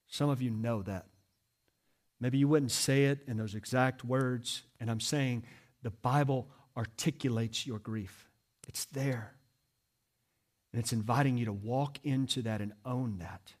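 A man's voice: mid-range voice, unhurried. A man preaching a sermon as a pastor, in an earnest, emphatic manner with repeated exhortations.

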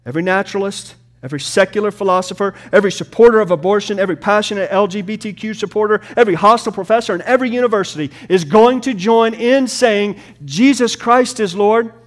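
A man preaching a sermon, swinging from loud, rapid lists to hushed, near-whispered passages. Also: sits high.

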